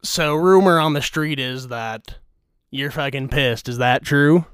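A man's voice: mid-range voice, a little slow, a bit bright, clear, resonant tone, no room sound, studio quality. A man hosting a casual podcast, ranting in a crude, mock-angry, teasing way. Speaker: podcast host. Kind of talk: crude comedic rant.

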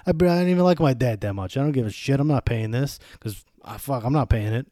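A man's voice: medium pitch, fast, warm tone, dry recording, studio quality, close to an everyday voice. A man voicing a resentful grown son who swears and brushes off his late father's debt. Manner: crude, dismissive.

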